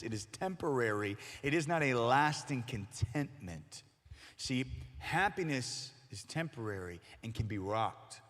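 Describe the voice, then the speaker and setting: Lively man preaching a youth sermon. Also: medium pitch. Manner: energetic, conversational, acts out quoted people. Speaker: youth pastor preaching to middle schoolers. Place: church hall. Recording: long hall reverb.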